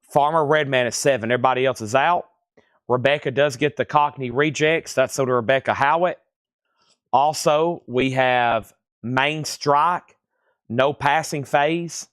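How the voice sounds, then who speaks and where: A man hosting a live online vinyl record auction, briskly reading out records, grades, prices and bidders. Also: on the high side, fairly even intonation, fairly bright tone, clean tone, no echo, studio quality.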